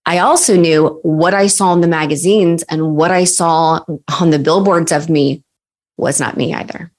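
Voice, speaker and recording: A woman in her thirties, a guest on an interview show, telling personal stories in a lively way. She uses many fillers and acts out quoted voices. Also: low-pitched, normal speed. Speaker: podcast guest, success coach. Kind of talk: casual interview storytelling.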